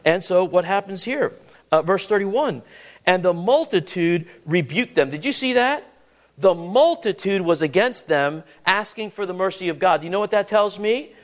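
A man's voice: high-pitched, animated, normal speed, vocal fry. A man preaching a sermon as pastor, asking the congregation questions and often repeating words as he goes.

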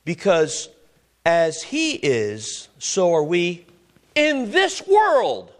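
A man preaching a sermon. He reads scripture slowly, asks his listeners rhetorical questions and builds to loud, emphatic exhortation. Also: high-pitched, wildly swooping pitch.

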